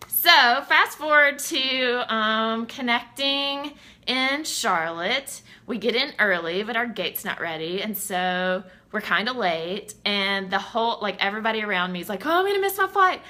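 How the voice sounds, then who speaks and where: A woman's voice: on the high side, sharp tone. A woman, chatting casually on a live stream, upbeat and playing out her own thoughts in little voices. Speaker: life coach vlogger.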